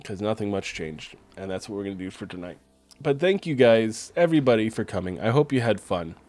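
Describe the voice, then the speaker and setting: A man casually commentating his gameplay on a stream, chatty and excitable, cursing now and then. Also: lowish voice, brisk, no echo. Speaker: game streamer.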